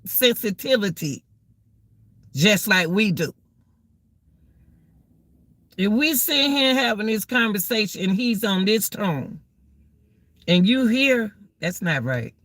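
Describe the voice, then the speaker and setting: Outside in the cold, a woman with a bright-ish mid-range voice and no room sound talks casually to viewers about relationships. She's preachy and repetitive, drawls her key words, and keeps calling her audience "y'all."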